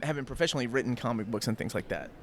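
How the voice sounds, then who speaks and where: A man hosting an interview, speaking as an excitable fan in casual chat. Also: medium pitch, slight background noise. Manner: excitable fan, quick to laugh. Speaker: interview host.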